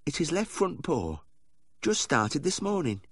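A man's voice: a little high, big pitch swings, measured pace, a bit bright, husky, no room sound, clean studio sound, voice pushed up, exaggerated voice. A man doing a fussy, fretting lady dog owner. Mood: fretful. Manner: fretful, fussing.

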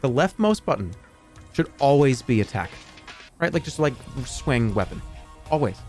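A man's voice: medium pitch, big pitch swings, moderate pace, a little mellow. A man streaming a video game, chatting casually with viewers in a jokey, exaggerated way. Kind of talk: casual livestream chat while gaming. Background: game music.

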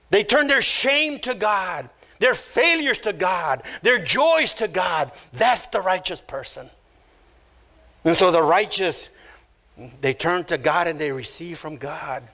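A male pastor delivering a sermon in a high, animated voice that rises and falls widely. He speaks slowly and brightly, repeating phrases and drawing out words for emphasis. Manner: acts out little quoted voices.

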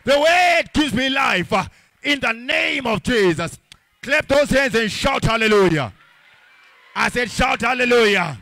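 Male pastor, high bright voice, chanting fervent sermon, dry close sound. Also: animated, unhurried, no room sound. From Africa. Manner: fervent preaching with chanted, sung phrases and shouts.

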